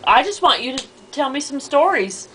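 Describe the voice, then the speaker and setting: Lively-voiced woman coaxing a relative. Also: high voice, normal speed, slight background noise, poor audio. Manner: coaxing, prompting with short replies. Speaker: family interviewer. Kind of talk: casual family chat.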